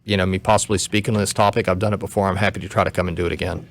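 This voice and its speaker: A man's voice: sits low, level tone, gravelly. A man who is a guest commentator, explaining law step by step on a talk radio show, short on sleep. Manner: measured, explains step by step, some restarts.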